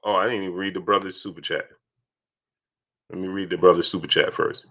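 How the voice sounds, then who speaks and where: A young man hosting a casual live stream, reading viewer chats aloud and answering them in an animated way that repeats itself. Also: sits low, a little fast. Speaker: livestream host reading super chats. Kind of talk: casual livestream chat.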